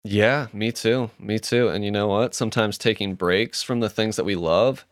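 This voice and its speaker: A man hosting a podcast, talking in a calm, reflective, unhurried way with many fillers. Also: lowish voice, no room sound, clean studio sound. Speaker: podcast host. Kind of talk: reflective casual podcast chat.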